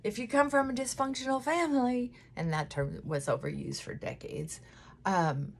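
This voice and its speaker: A woman's voice: on the high side, normal speed, vocal fry, breathy edge. A middle-aged woman chatting emotionally and candidly while doing her makeup at home, close to tears at times. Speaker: vlogger.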